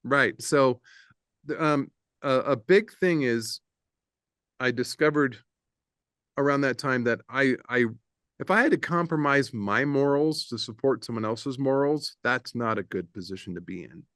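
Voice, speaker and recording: A middle-aged man, a guest producer and audio engineer, telling animated anecdotes in a casual interview and laughing often. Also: mid-range voice, a little slow, dry recording, clean studio sound. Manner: animated anecdote-teller, laughs often, slips into voices for others.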